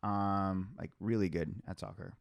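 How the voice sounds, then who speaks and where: A young man hosting a podcast, telling a story in a loose, animated way, laughing often and leaning on filler words. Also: low voice, a little slow, creaky, dry recording, muffled recording. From Hispanic family background. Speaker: podcast host. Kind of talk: casual storytelling chat.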